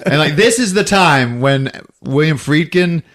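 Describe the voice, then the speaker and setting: A man's voice: a little high, lively intonation, fairly bright tone. A man on a podcast retelling a film scene by scene, laughing often and acting out the characters' lines. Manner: laughs often, acts out movie lines in quick voices. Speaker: podcast co-host recapping a film. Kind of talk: animated casual retelling.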